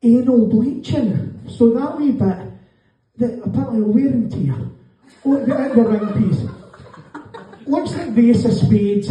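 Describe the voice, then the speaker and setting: A man's voice: very high voice, measured pace, dark tone. A middle-aged Scottish man doing a sweary, mocking stand-up set in a comedy club with a live audience laughing. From Scotland. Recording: echoey room, distant mic, dull sound.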